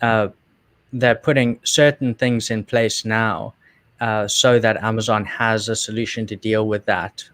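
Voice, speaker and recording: A man with a South African accent, co-hosting and explaining business steps in a calm, measured way. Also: fairly low pitch, no echo. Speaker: co-host. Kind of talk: casual explanation.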